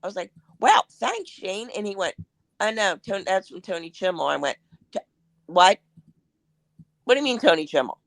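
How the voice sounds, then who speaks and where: A woman's voice: medium pitch, expressive, quick pace, creaky, dry recording. Woman guest telling anecdotes, dry sound. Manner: anecdotal storytelling, acts out quotes. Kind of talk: casual chat.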